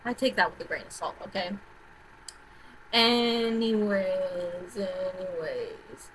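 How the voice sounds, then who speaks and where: A woman vlogger in a casual, rambling rant, often repeating herself and swearing, swinging between loud outbursts and quiet mutters. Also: lowish voice, slow pace, a little hiss or hum, poor audio. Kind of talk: casual rant about horror movies.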